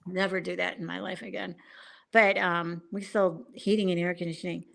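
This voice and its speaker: A woman's voice: on the low side, little pitch movement, moderate pace, creaky, a bit bright. A woman from Chicago chatting casually on a live show, telling stories and laughing often. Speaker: live show chat participant. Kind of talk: casual chat.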